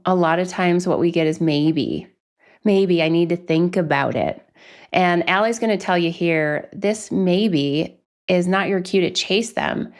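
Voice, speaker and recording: Low gravelly woman hosting a podcast. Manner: measured, emphatic, agreeing often. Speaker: podcast host. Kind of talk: conversational podcast talk.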